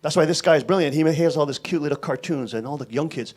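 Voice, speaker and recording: A male pastor delivering a sermon in an emphatic, scolding and animated way. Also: fairly high pitch, fast talker.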